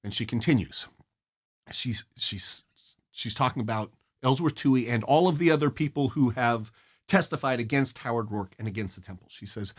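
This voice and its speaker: A man's voice: medium pitch, normal speed, breathy edge. A man presenting a study guide, explaining a novel's scene and song lyrics in an earnest, emphatic way. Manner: earnest, emphatic, rises sharply on key phrases.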